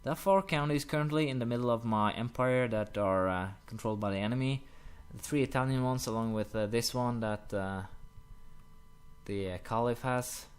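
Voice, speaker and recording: A young man commenting casually while playing a strategy game, rambling with many fillers and quick apologetic asides. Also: medium pitch, clear, resonant tone. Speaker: gaming commentator. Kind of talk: casual let's-play commentary.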